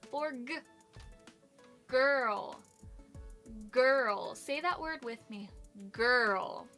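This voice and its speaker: Bright, slow-paced woman teaching phonics. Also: high voice. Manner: encouraging, slow and sing-song, praising often. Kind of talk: children's phonics lesson.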